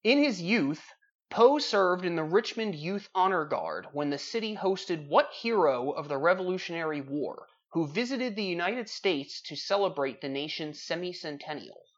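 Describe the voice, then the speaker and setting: A man's voice: sits high, animated, moderate pace, fairly bright tone, lo-fi sound. A man hosting a trivia podcast, chatting casually and reading out questions and facts in a dry way.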